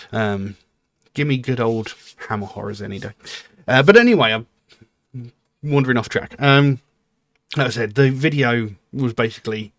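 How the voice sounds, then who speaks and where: A man's voice: on the low side, fairly bright tone, no room sound. A middle-aged man, giving casual reaction commentary on a music video in a rambling, candid way. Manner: rambling and candid, with frequent um and you know. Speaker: music reaction channel host.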